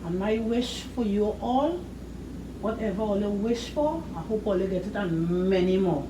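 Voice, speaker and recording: A woman's voice: mid-range voice, lively intonation, moderate pace. Woman giving blessings outdoors. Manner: warm-hearted, gives blessings. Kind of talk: blessing the gathered guests. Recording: echoey, distant, noisy outdoor ambience.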